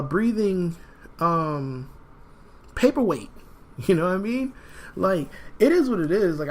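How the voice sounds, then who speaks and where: A man hosting a solo podcast in a rambling, animated way, sniffling from a cold. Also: sits high. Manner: rambling and animated, frequent fillers. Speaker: podcast host. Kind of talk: casual solo podcast talk.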